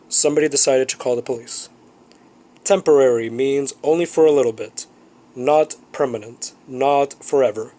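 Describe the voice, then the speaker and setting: A man's voice: mid-range voice, warm tone. A male teacher giving a recorded vocabulary review lesson, explaining words plainly and often checking in with students.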